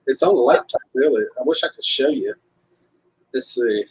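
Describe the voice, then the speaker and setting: An easygoing man co-hosting a casual livestream chat, reading viewer comments aloud. His voice is husky and a little breathy, at a middling pitch. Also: normal speed, no room sound, low-quality recording.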